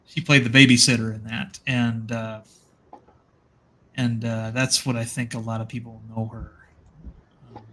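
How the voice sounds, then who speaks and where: A man's voice: medium pitch, level tone, measured pace, long pauses, sharp tone. A man chatting casually as co-host, rambling with frequent restarts and fillers. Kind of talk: casual chat.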